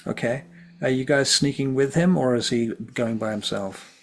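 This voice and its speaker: Gravelly-voiced man running a game. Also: medium pitch, moderate pace, a little hiss or hum. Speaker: game master.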